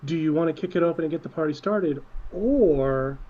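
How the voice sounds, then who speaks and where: A man's voice: fairly high pitch, normal speed. A man playing a tabletop game, talking hesitantly with stammering restarts, on a muffled lo-fi recording. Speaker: player. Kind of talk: casual tabletop game play. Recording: muffled lo-fi audio.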